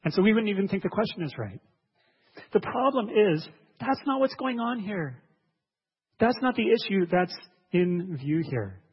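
An animated, husky, high-pitched man speaks at normal speed while preaching a sermon as a pastor. Earnestly, he repeats words and asks his listeners questions; the audio is dull with a long hall reverb.

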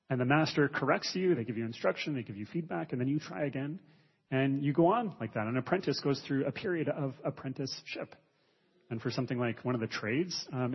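A husky-voiced man preaches in a measured, teaching way, pausing often on small fillers. His sound is somewhat dull and lo-fi, carried by a long reverb from the church hall around him. The pitch sits in a middle range for a man. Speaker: pastor. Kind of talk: sermon.

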